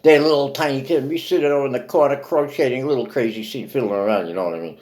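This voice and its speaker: A man telling a holiday story in hip jive slang, lively and dramatic. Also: mid-range voice, fast, low-quality recording.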